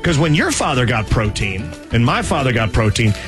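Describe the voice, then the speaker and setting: A man's voice: mid-range voice, very animated, normal speed, music in the background. A man hosting a radio morning show, joking and playful in casual banter.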